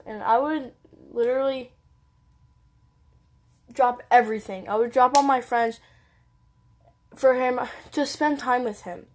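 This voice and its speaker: A woman's voice: on the high side, steady tone, unhurried, pauses often, a little mellow. A teenage girl telling a personal story on her vlog, rambling casually and saying "like" constantly. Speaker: vlogger.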